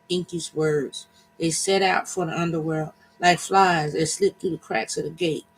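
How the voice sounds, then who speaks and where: A man reads an ancient poem aloud. His voice sits high. He reads deliberately and slows at key lines. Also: rough recording. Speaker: reader.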